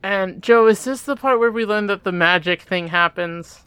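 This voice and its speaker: A woman co-hosting a casual chat in an animated, chatty way. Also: mid-range voice, moderate pace, clear, resonant tone, dry recording. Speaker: podcast co-host.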